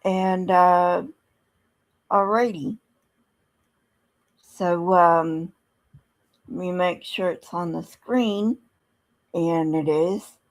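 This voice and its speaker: A woman hosting a podcast, reading scripture aloud and commenting bluntly, with many ums and pauses. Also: lowish voice, steady tone. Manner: slow, halting, many ums, blunt and sardonic. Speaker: podcast host. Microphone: streaming setup mic.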